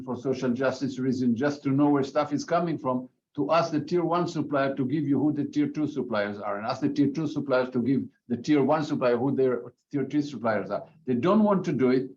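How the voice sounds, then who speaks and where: A man's voice: medium pitch, darkish tone. A man on a panel making emphatic points and repeating words as he builds an argument. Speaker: panel guest. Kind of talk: panel discussion. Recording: dull remote audio with faint noise.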